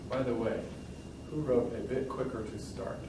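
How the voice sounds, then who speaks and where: A man's voice: mid-range voice, fairly even intonation, normal speed. Man coaching piano in a roomy hall. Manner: encouraging, demonstrates at the piano while talking. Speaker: composer coaching a pianist. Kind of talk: master class coaching. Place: room with a piano. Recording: roomy sound from a distant mic with loud piano.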